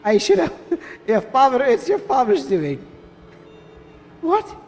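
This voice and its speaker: Guy doing a high distraught game mom w/ a fake accent, pleading all over the place. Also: sing-song, slow pace, a little mellow, big-room sound, exaggerated voice. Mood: pleading, bitter. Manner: voice raised high, put-on foreign accent. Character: distraught pleading middle-aged mother.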